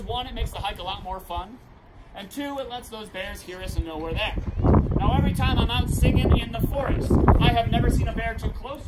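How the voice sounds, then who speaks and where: Male park ranger, high voice, projecting to a crowd outdoors, heard from a distance with loud noise around. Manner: projecting, upbeat, leads call-and-response. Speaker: park ranger giving a talk.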